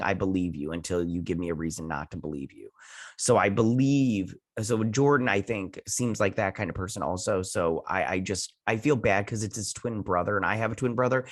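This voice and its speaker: A man's voice: fairly low pitch, a bit bright. A man giving a casual, rambling recap and review of a TV episode, with lots of false starts and fillers. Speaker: TV show reviewer.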